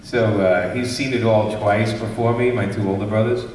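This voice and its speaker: A man's voice: fairly low pitch, moderate pace. A man from Brooklyn spins a casual, laughing story for a live panel crowd and slips into voices for the people in it. He is picked up from well back in a big echoey hall with a long tail of reverb. Faint room noise sits under him. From Brooklyn, New York. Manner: animated anecdote-teller, acts out quoted voices, laughs often. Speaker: comics creator hosting a convention panel. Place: large convention panel room. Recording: echoey hall, distant mic.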